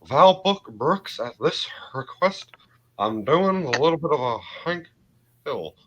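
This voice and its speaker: Guy doing a hank hill voice, pitched up, slow folksy drawl. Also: expressive, fairly bright tone, lo-fi sound, a little hiss or hum. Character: drawling middle-aged male propane-selling cartoon dad.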